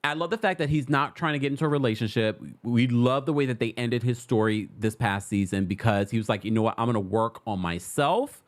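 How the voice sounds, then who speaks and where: A man hosting a casual pop culture gossip show, animated and sassy, laughing often as he comments. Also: medium pitch, a little fast, few pauses.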